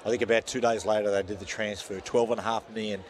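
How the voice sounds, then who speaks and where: A man's voice: lowish voice, level tone, fast talker, crowd noise. An Australian man hosting an on-air quiz with jokey, theatrical game-show patter. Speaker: quiz host on a radio show. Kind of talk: casual on-air radio banter.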